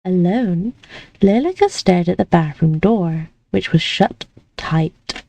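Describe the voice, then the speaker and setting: A woman streamer reading a story aloud in a relaxed, unhurried manner. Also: on the low side, vocal fry, lo-fi sound, slight background noise. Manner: relaxed and unhurried, with casual asides.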